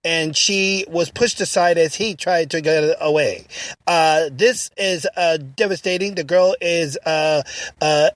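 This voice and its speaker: A man voicing a somber male news reporter who speaks haltingly with many fillers. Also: a little high, dry recording, distant mic, pitched below the performer's own voice.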